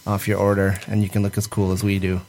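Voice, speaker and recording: A man's voice: low voice, completely flat delivery, fast talker, darkish tone. Teasing man hosting a podcast. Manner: laughing, loose and teasing. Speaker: podcast host. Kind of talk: casual banter.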